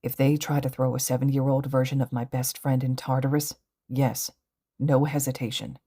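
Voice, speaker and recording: A woman voicing a calm, protective teenage boy who speaks softly and steadily, in a fan audiobook. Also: a bass voice, normal speed, breathy edge, full character voice. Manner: soft, steady, reassuring.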